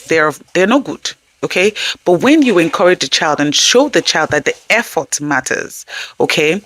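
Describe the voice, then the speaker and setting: A woman's voice: on the low side, fairly bright tone. A woman hosting a parenting channel, giving conversational tips to camera in an earnest way and often checking in with her listeners.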